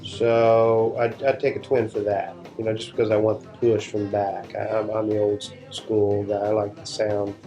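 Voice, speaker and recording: A man's voice: on the low side, completely flat delivery, moderate pace, hardly any pauses, warm tone, faint music behind. A man guesting on an interview, telling rambling stories in casual talk and often restarting his sentences. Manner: rambling, restarts sentences, laid-back storytelling. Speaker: session guitarist, interview guest.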